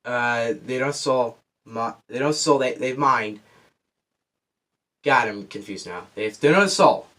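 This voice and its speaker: A man talks through a movie plot in a loose, rambling review, audibly short of breath. He keeps losing his place and restarting his sentences. His voice sits at a middle pitch for a man. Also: lively intonation, unhurried, a bit bright. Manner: rambling, loses track and restarts. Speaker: film reviewer. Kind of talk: casual spoiler movie review.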